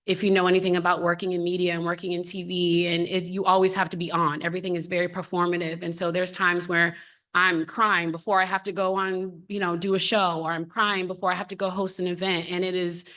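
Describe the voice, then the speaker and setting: Thirties female panelist, slightly low pitch, candid and open delivery. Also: level tone, brisk, fairly bright tone. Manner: open, heartfelt, conversational. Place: symposium panel.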